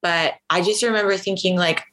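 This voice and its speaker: Brisk and steady, with a fairly low, slightly bright voice, a Northern California woman chats about her own experience as a guest on a podcast. Frequent "like" fillers and easy laughter mark her storytelling, though the audio is poor.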